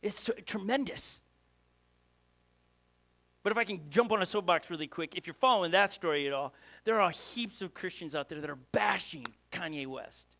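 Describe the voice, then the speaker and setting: A male pastor preaching with a high, bright, forceful voice. He talks with energy, fires off rhetorical questions and often stops and restarts mid-sentence. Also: moderate pace, creaky. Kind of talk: sermon.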